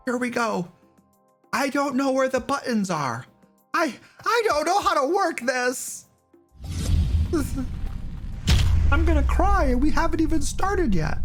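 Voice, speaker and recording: A man's voice: high voice, fairly bright tone. A man playing a goofy, rambling barbarian who hosts a stream, stammering and repeating himself in a fretful, defensive way. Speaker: stream host in a character persona. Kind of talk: comedic live-stream chat in character.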